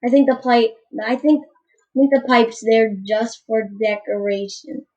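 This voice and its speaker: A woman's voice: a little high, unhurried, darkish tone, dull audio. A woman giving casual, goofy gameplay commentary, rambling and tripping over her words.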